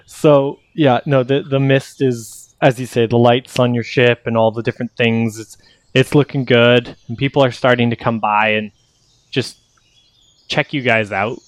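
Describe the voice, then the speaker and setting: A man's voice: medium pitch, fairly even intonation, moderate pace, dry recording. A man narrating as game master, rambling and correcting himself as he explains the scene.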